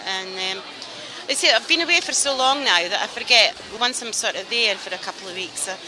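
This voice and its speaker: A woman's voice: mid-range voice, fairly quick. A Scottish woman being interviewed at an outdoor market, reading test phrases and chatting. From Scotland. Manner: chatty, teasing. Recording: noisy street market outdoors.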